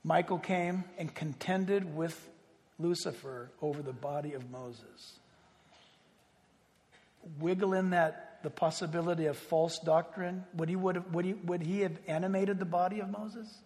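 A man pastor preaching a sermon, animated, swinging between loud exclaims and hushed asides. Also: sits high, unhurried. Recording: reverberant hall.

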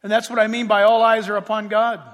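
A man preaching a fervent sermon as pastor, with sudden shouts and slow drawn-out phrases. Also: sits high, little pitch movement. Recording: long hall reverb.

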